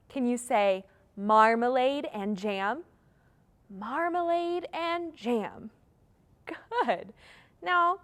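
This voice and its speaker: A young woman leads a children's story time with a high, bright voice. She talks slowly and in a singsong, cheering the little ones on as she goes.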